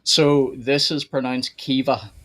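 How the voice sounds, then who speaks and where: A man's voice: medium pitch, measured pace, fairly bright tone. Playful Irish man hosting a quiz chat. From Ireland. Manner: playful, teasing, quizzing others. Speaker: co-host. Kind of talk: casual livestream chat.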